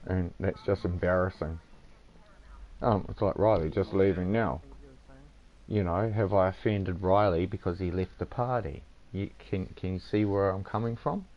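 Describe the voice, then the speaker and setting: Gravelly man, lo-fi streamer rant. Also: low voice. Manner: rambling, swears a lot, says "mate". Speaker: game streamer. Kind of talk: casual lecturing chat. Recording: dull lo-fi sound.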